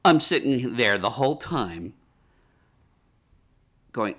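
A man's voice: medium pitch, takes it slowly. A man telling anecdotes as an interview guest, laughing often and acting out what people said. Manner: lively anecdotes, laughs often, acts out quotes. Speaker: animator guest. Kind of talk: casual interview storytelling.

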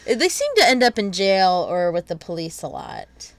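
A woman co-hosting a casual podcast chat, often chiming in with quick agreement. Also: fairly low pitch, sing-song, dry recording. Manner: frequent short agreeing interjections. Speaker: podcast co-host.

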